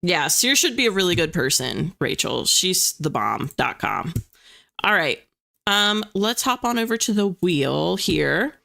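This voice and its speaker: A chatty young woman hosts a writing livestream and reads out her viewers' messages. Her voice is bright and clear, with a very lively melody that swoops up and down as she talks. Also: fairly low pitch, measured pace. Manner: bubbly and chatty, reads chat aloud. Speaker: livestream host of writing sprints. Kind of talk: casual chat to live viewers.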